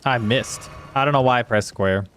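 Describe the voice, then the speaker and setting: A man streaming a game and chatting loosely with his viewers. His voice sits at an ordinary middle pitch. He rambles, restarts his sentences and swears freely. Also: moderate pace, a bit bright, a little hiss or hum. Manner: rambling, sweary, talks to chat while playing. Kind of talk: casual gameplay chat.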